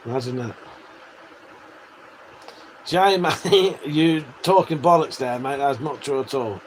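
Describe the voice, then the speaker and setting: A man's voice: a little high, slow pace, slight background noise, poor audio. A man hosting a casual livestream, reading out viewer messages and chatting back in a sweary, matey way with frequent laughs. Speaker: livestream host.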